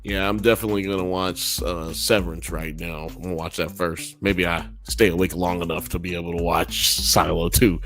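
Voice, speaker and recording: A man's voice: low voice, level tone, a little fast, gravelly, few pauses, a bit bright, soft background music. A man hosting a live podcast, chatting casually with jokes and swearing. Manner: loose, joking, profane banter. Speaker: podcast host. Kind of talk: casual live-stream chat.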